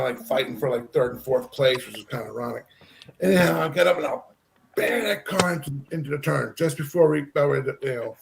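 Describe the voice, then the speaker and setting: A man from Texas telling a long story in casual chat, rambling and animated, full of fillers. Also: mid-range voice, creaky, a little hiss or hum.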